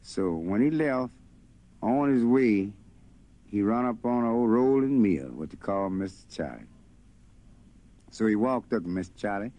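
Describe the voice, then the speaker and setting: A man telling a folk story in a relaxed, rambling way. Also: lowish voice, unhurried, long pauses. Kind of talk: folk storytelling over guitar. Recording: faint guitar behind voice.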